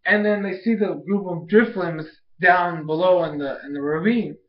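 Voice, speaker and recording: A young man giving a rambling, excitable recap of a cartoon episode, acting out lines in a higher voice. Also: moderate pace. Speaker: video reviewer. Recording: echoey room, dull lo-fi sound.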